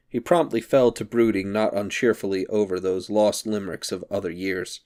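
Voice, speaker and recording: A man narrating a comic novel in a measured, even reading. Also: fairly low pitch. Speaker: audiobook reader. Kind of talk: scripted narration.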